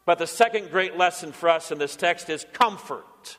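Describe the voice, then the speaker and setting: A man, a pastor, preaching a lively sermon with told stories and acted-out quotes. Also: fairly high pitch, moderate pace, hardly any pauses, long reverb tail. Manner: animated storytelling preacher, acting out quotes.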